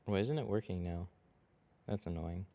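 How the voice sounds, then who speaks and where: A man's voice: sits low, moderate pace, dark tone. Chatty man in an echoey tint shop. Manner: chatty, rambling, laughs often. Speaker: window tint shop owner livestreaming. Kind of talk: casual livestream chat while working. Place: car tint workshop. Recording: echoey reverberant workshop.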